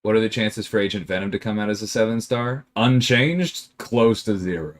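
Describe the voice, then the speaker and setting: A man's voice: lowish voice, normal speed. A man streaming a game and answering viewer questions in casual chat, emphatic and exasperated at times. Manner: animated, emphatic, exasperated rants with laughter; reads viewer questions aloud and answers them.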